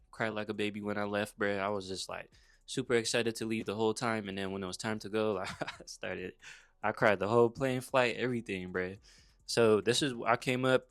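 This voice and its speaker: A man's voice: on the low side, no echo. Laid-back, slangy young man, dry sound. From Saint Croix, US Virgin Islands. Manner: slangy and laid-back, peppered with "bruh" and "you feel me". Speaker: motivational vlogger. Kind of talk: casual personal storytelling.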